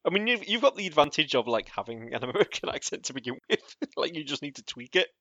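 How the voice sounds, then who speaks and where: A man's voice: fairly high pitch, sing-song, sharp tone, no echo. A British man chatting on a podcast, chuckling through his points and tripping over restarts. His voice comes through a dull, slightly muffled mic in a dry, dead room. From Britain. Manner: laughs often, halting restarts. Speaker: podcast co-host. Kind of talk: casual chat.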